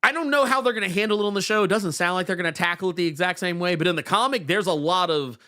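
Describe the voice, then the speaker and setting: A man co-hosting a podcast, chatting casually about comics with animated stammering restarts. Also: high-pitched, racing. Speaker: podcast co-host. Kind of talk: casual comic book chat.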